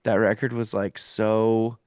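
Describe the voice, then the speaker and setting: A man's voice: lowish voice, takes it slowly, no room sound, studio quality. A young adult man, a guest musician, chatting casually and explaining things at length with many fillers. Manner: relaxed, explains things in detail with lots of fillers. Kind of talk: casual interview chat.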